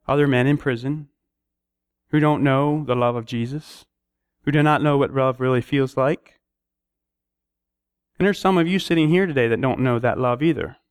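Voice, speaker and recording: A man preaching a sermon, telling stories and acting out prayers and dialogue with sudden rises in pitch. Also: clear, resonant tone, dry recording, studio quality.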